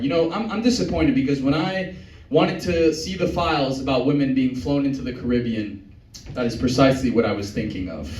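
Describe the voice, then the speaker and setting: A young man performing a stand-up set in a comedy club, with a deadpan, meandering delivery. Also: mid-range voice, slight background noise. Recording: echoey club from far off.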